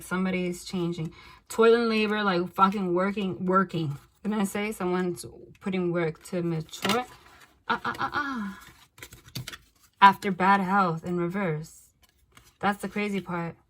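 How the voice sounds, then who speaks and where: A woman doing a casual tarot reading, blunt and animated, swearing freely and laughing between cards. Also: on the low side, unhurried, slight background noise. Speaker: tarot reader.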